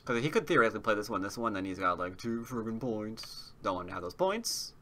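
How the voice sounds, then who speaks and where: A man's voice: lowish voice, sing-song, fast, fairly bright tone, a little hiss or hum. A man giving casual commentary while playing a board game online, chatty and muttering to himself, sometimes humming as he thinks.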